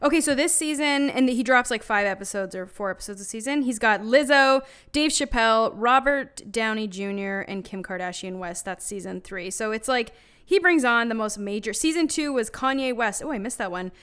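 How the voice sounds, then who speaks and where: A woman's voice: on the high side, a bit bright, clean tone. Chatty young woman podcast co-host. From Saskatchewan, Canada. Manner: chatty, laughs often, drawn-out sign-off. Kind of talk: casual chat.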